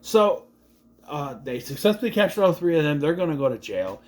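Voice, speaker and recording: Young man, lively rambling movie recap, higher-pitched voice, very animated intonation. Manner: rambling, animated, quick quoted impressions of characters. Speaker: movie reviewer.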